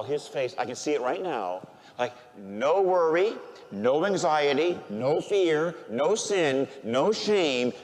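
An older male priest preaches in a church with a long, ringing reverb. His pitch leaps and falls with feeling, now raised in proclamation, now dropped low and hushed as he grows emotional. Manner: emotional storytelling, swinging from loud preaching to quiet, near-tearful speech. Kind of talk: sermon.

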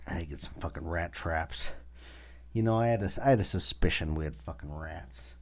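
A man's voice: sits low, normal speed. A man hosting a podcast who rants angrily and swears constantly. The recording is dull and lo-fi. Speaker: podcast host. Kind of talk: casual profane rant.

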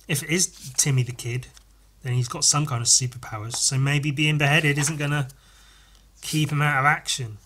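A man's voice: a little high, steady tone, moderate pace, background noise. A man hosting a casual podcast, rambling and swearing as he pages through comics and reacts to the art. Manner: profane, rambling, enthusiastic. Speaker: podcast host reviewing comics. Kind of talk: casual chat.

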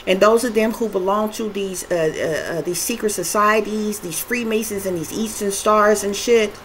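A woman's voice: medium pitch, moderate pace, fairly bright tone, a little hiss or hum, low-quality recording. Emphatic woman giving a tarot reading. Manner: emphatic, repetitive lists, frequent cursing. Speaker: tarot reader. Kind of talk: spiritual tarot reading monologue.

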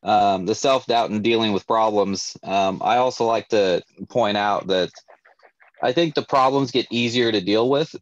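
Low-voiced rambling guy, dry and dull. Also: measured pace, no echo. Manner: rambling, many fillers like "you know" and "um". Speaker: guest on a sales training show. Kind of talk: casual chat.

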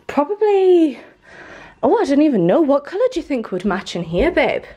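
A woman's voice: sits high, very animated, moderate pace, mellow, dull audio. Chatty young woman vlogging at home. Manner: chatty and rambling, many "like" fillers. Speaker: lifestyle vlogger. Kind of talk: casual vlog chat to camera. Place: indoors in a newly moved-into house.

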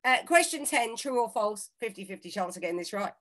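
A woman's voice: mid-range voice, lively intonation, a little fast, fairly bright tone. A woman co-hosting an online charity quiz over a video call, teasing and playful in casual comic banter. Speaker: quiz co-host.

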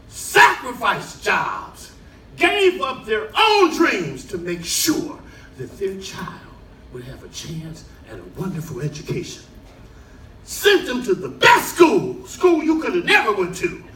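An older man performing a stand-up comedy set on a cruise ship, telling stories in an animated way and shouting his punchlines. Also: a little hiss or hum. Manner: animated storytelling, shouting punchlines, high-pitched put-on cries. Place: cruise ship show lounge with a live audience. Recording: roomy live audio from far off, loud crowd.

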